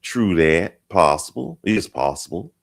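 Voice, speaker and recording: A man's voice: low-pitched, lively intonation, unhurried, creaky. A male host chatting casually on a live stream, reading viewer comments aloud, drawing words out and repeating phrases. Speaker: host of a live chat show.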